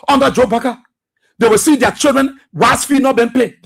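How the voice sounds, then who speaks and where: A man's voice: extremely high pitch, fairly quick, a bit bright, husky. A man giving emphatic, repetitive political commentary as a radio talk show host.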